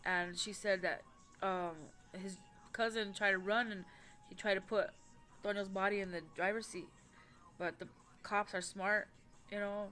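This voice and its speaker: A woman's voice: mid-range voice, steady tone, moderate pace, a bit bright. Woman w/ new rambling thru a story, lots of cussing and um's, faint music playing. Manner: rambling, profane, with many fillers and restarts. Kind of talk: casual personal story.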